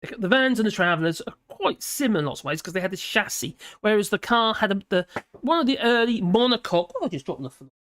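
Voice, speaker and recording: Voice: mid-range voice, sing-song, fast, a bit bright, slight background noise. A chatty British live-stream host in their fifties with a mid-range voice. They read from notes, then drift into long personal tangents, chuckling as they go before pulling themselves back on track. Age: 50s. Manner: rambling, chatty, often laughing and wandering off topic. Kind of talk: casual commentary reading and digressing.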